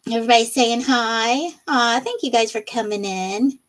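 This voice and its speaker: With a fairly high pitch and a normal speed, a woman chats through a live crafting stream from her home craft room. She's bubbly, reads viewer comments aloud, and laughs often.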